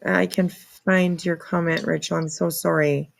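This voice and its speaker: A woman's voice: on the low side, steady tone, a little slow, creaky. A woman hosting a casual livestream, chatting and reacting to comments in an apologetic, talkative way, with casual swearing. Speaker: livestream host.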